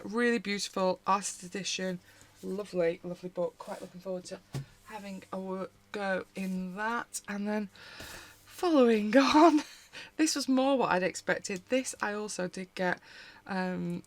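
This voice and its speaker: A woman's voice: lowish voice, creaky, fairly bright tone. A British woman hosting a casual haul vlog from home, talking in a rambling, chatty way with frequent asides as she pages through books. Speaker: colouring channel host.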